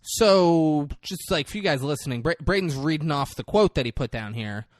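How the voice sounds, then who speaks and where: Teasing young podcast co-host. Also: male voice, a little high, lively intonation, dry recording, clean studio sound. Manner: teasing, profane, quick banter. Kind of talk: casual movie recap chat.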